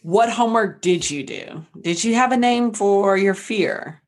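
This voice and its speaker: A woman's voice: medium pitch, unhurried. Woman, podcast co-host, casual chat, chatty, laughs easily.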